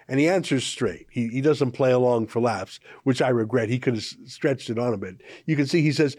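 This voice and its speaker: A man's voice: medium pitch, fairly quick, few pauses, a little mellow, no echo, studio quality. A man from Canada hosting an opinion commentary show, talking in a sarcastic, mocking and emphatic way.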